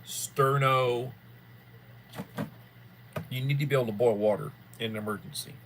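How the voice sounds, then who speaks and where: A livestream host chats casually, rambling in a folksy manner and repeating himself. His voice is medium-pitched and steady, at a normal speed, with slight background noise behind him.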